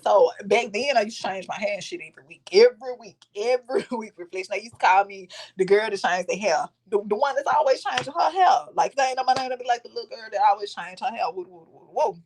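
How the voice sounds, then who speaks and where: Animated, profane woman telling a story. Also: mid-range voice, quick pace, a little hiss or hum. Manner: animated, profane, dramatic quoting of others. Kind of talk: casual storytime.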